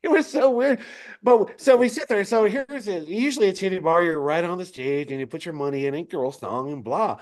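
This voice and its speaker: Man, animated raconteur on a video call, somewhat high voice, laughs a lot. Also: brisk, few pauses. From Denver area. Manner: animated, laughing often, swears freely. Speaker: musician guest. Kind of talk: casual storytelling chat.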